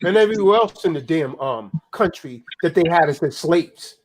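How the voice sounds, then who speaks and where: A man's voice: a little high, expressive, moderate pace, background noise. A man delivering a heated, profane political rant in a preaching manner, tagging "man" onto his lines.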